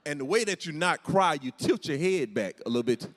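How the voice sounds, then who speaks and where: Telling animated, self-mocking stories, a middle-aged man works through a stand-up set in a big church hall. His voice is fairly high-pitched. The recording has heavy background noise and hall reverb from the large venue.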